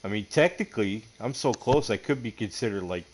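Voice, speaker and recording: A man from upstate New York with a fairly low voice hosts a relaxed gaming livestream. He jokes and laughs with his co-players, greets the viewers and talks loosely into his mic. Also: fairly quick, a little hiss or hum. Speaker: livestream host. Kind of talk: casual gaming livestream chat.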